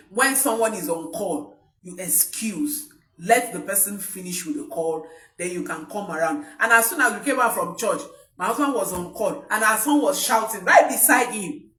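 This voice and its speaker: A woman's voice: fairly high pitch, a bit bright. A woman, a parenting coach giving an emphatic live-streamed talk to parents, repeating her key points. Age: adult parent. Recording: roomy, voice from mic distance.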